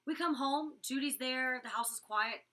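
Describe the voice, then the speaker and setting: A woman's voice: high-pitched, pushed and bright, recorded from a distance. A young woman recapping a reality show episode in casual, blunt chat, packed with "like" fillers and swearing freely. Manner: chatty, fast storytelling full of "like" fillers. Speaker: reality show cast member reviewing an episode.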